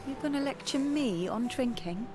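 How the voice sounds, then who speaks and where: A woman's voice: high-pitched, expressive, normal speed. An actress playing a brash, teasing woman who styles the crew and likes a drink. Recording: game audio with music underneath.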